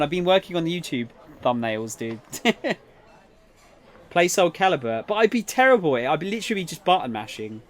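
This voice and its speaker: A man's voice: a little high, big pitch swings, a little fast. A man with an English accent on a live game stream, reading story text aloud and chatting with viewers between passages. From England. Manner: chatty, answers chat messages between read-aloud passages.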